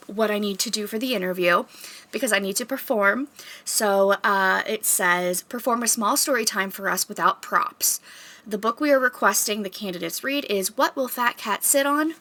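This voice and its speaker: A woman's voice: medium pitch, sharp tone. A woman chatting to camera in a casual vlog, nervous and self-conscious as she rehearses and gives herself tips. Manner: chatty and playful. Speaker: vlogger practicing for a librarian job interview.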